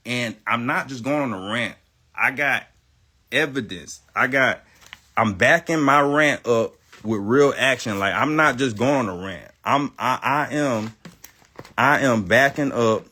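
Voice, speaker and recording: Man delivering a rambling, profane livestream rant; bright, tense delivery, insistent. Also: mid-range voice, unhurried. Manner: rambling, profane, repeats himself; emphatic, insistent.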